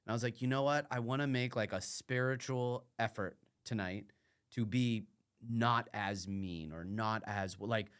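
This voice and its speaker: A man's voice: mid-range voice, a little slow, clear, resonant tone. A man, a comedian guest on a podcast, chatting casually and reflectively, acting out his own past lines. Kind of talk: casual chat.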